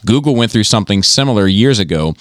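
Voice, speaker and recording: A man with a fairly low voice hosts a podcast, reading listener emails aloud in a relaxed, joking way. He swears freely and laughs easily. The sound is dry and close to the microphone. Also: fast talker, dry recording. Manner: laid-back, swears freely, laughs often. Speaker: podcast host.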